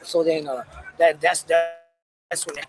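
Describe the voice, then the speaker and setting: A man casually telling a personal story in a candid, profane, animated way. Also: a little high, takes it slowly, faint music behind, rough recording.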